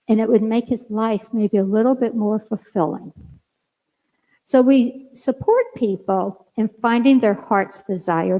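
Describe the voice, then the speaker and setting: An older woman minister preaching a sermon in storytelling form, animated and acting out both sides of conversations in a church sanctuary. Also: mid-range voice. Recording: long reverb of a church hall.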